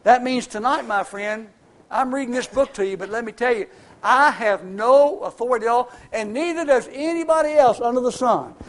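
An older preacher with a very high voice for a man tells homespun stories from the pulpit. His delivery is folksy and conversational, leaning on plain country phrasing. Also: normal speed, a bit bright. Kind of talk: sermon with personal stories.

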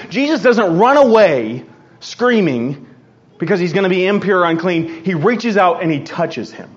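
A man preaching a sermon to his congregation, reading scripture and explaining it with animated restarts and stammers. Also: high-pitched, moderate pace, muffled recording. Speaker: pastor.

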